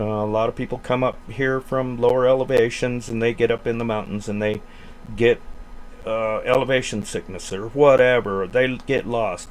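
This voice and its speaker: A man speaking at an ordinary middle pitch, earnest and insistent as he urges others to be ready. He talks like an emergency communications officer in a loose group chat on a stream. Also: a little hiss or hum. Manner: earnest, urgent advice-giving. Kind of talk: casual group discussion on a live stream.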